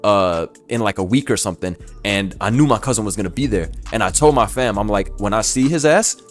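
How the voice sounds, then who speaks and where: Animated young man telling a story. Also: fairly low pitch, a little fast, faint music behind. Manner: animated, swearing, laughing, acts out voices. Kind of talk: casual storytelling.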